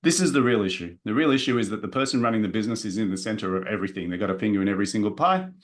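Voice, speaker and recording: A man giving a live business seminar in a direct, energetic way, talking straight to the audience in the room. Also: lowish voice, very fast. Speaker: business coach presenting a workshop.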